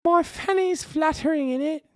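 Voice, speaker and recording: A man putting on a shrill falsetto voice as a cheeky, scolding British woman with a mock British accent. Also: normal speed, no room sound, studio quality. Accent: put-on British.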